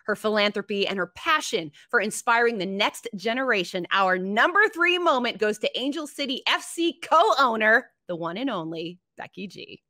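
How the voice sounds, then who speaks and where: A woman's voice: a little high, expressive, normal speed, hardly any pauses, bright, forceful tone, dry recording, clean studio sound. A woman host narrating countdown segments in an upbeat presenter delivery. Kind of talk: scripted narration.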